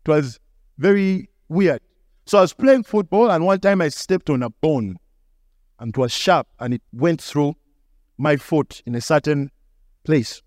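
Lively high-voiced pastor. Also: male voice, no room sound, studio quality. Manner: animated, acts out dialogue with shifting pitch. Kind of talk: storytelling sermon.

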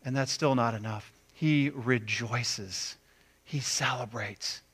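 A man preaching a sermon, animated, acting out quoted voices with big swings between loud and quiet. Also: mid-range voice, takes it slowly, husky. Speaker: pastor.

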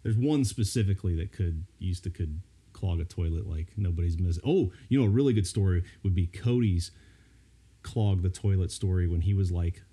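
Mellow-voiced dad telling a lively story. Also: male voice, low-pitched, brisk, husky. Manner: animated storyteller who acts out quotes. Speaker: podcast co-host, dad. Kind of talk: casual storytelling.

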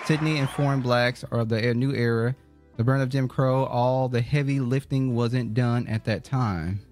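A man's voice: mid-range voice, steady tone, normal speed, a little mellow, faint music behind, a faint crowd. Blunt, wry man co-hosting a podcast. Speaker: podcast co-host. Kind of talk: casual chat.

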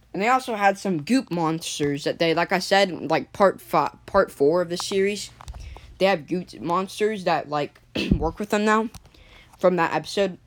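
A woman telling an improvised sci-fi story, rambling with many restarts, a cough, and frequent throat clearing. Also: on the low side, a little hiss or hum.

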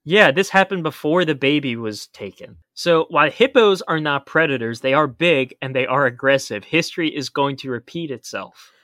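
A man's voice: on the high side, normal speed, hardly any pauses, bright, forceful tone, no echo, clean studio sound. A man co-hosting a podcast, explaining in a casual chat with emphatic warnings. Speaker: podcast co-host.

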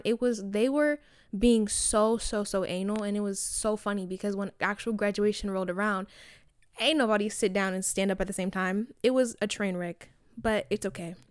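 A young woman telling a story straight to camera, chatty and animated, full of filler words. Her voice is smooth and clear, recorded close and dry. Her pitch sits in an ordinary middle range. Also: dry recording. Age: young adult. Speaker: vlogger. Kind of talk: casual storytelling.

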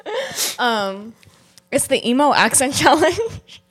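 A woman's voice: high-pitched, big pitch swings, slow, fairly bright tone. A woman hosting a casual podcast chat, telling stories playfully and giggling. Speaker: podcast host.

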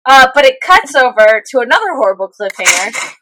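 A woman's voice: high-pitched, a little fast. A woman co-hosting a podcast, chatting casually and animatedly about an episode. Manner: animated, acts out reactions. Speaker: podcast co-host. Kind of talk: casual recap chat.

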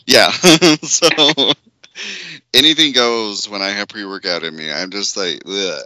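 A man's voice: lowish voice, measured pace, sharp tone, a little hiss or hum. A man co-hosting a casual podcast, joking around and often breaking into laughter. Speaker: podcast co-host.

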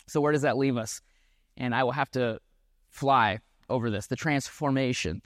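Male pastor, mid-pitched voice, earnest reflective sermon delivery, dry sound with no room echo. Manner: earnest, reflective preaching with occasional restarts.

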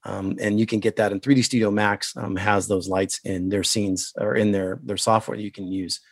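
Male co-host, lowish voice, dry close sound, hesitant casual tech talk, a bit rough today. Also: flat delivery, no echo. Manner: halting, many ums, shares screen. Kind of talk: casual technical chat.

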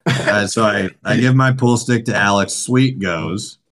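A man's voice: lowish voice, unhurried. A man co-hosting a podcast, telling a long story in casual chat and swearing often. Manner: profane, animated storyteller. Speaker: podcast co-host.

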